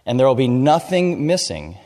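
A man preaching an expository sermon, explaining scripture in a measured way and reading verses aloud. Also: medium pitch, big pitch swings, a little mellow. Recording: long hall reverb.

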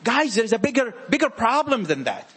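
Husky, animated preacher with a French accent. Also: male voice, very high voice, a little fast. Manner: animated, repetitive and emphatic. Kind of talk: informal sermon to a small group.

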